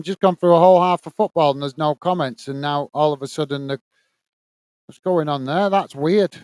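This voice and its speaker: A British man runs a football watchalong stream in loose, rambling chat and reads viewer comments aloud. His voice sits fairly high and sounds smooth and clear. The sound is dry and close. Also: moderate pace, a little mellow, dry recording. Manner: rambling, exasperated muttering about tech trouble.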